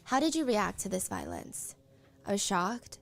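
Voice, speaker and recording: A woman's voice: medium pitch, huge pitch swings, a little slow, gravelly. A woman giving a casual commentary recap and reading court testimony aloud. She talks conversationally and says "like" often. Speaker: streamer recapping a trial.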